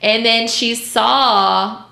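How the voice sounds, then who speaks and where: Bright-voiced woman dog groomer telling crude stories, swears a lot, echoey room. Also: on the high side, steady tone, extremely slow, vocal fry. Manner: blunt and profane, acts out voices in stories. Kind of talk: casual storytelling chat. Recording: roomy echo.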